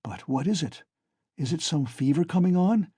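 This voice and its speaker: A young man who has just woken from a nightmare speaks in a hushed, breathless voice, as a male narrator puts him on. The sound is dry and close, with no room around it. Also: on the high side, lively intonation, moderate pace, breathy edge, no room sound, pitched above the performer's own voice. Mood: shaken. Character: shaken young ex-student waking from nightmare.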